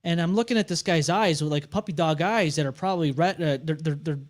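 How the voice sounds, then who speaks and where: A man's voice: on the high side, fast. A man co-hosting a podcast, interviewing a band and telling stories with acted-out quotes. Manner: animated, laughing, acts out quotes. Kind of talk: casual interview and storytelling.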